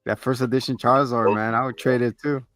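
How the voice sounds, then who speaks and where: A man co-hosting a casual review podcast, retelling scenes with animated energy and casual swearing. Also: medium pitch, fast talker, no echo, studio quality. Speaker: podcast co-host reviewing a TV show. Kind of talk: casual chat.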